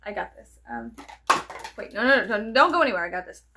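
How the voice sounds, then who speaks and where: A young woman vlogger rambles casually to camera, playful and swearing often, slipping to near whispers and leaping to sudden squeals. Her high-leaning voice is very animated, a little fast, bright and forceful, with slight background noise.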